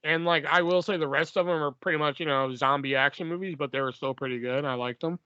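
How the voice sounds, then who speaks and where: A man's voice: fairly high pitch, fast, pushed and bright, clean tone, no echo, muffled recording. A man hosting a casual podcast, chatting loosely and swearing freely as he reads listener questions. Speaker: podcast host.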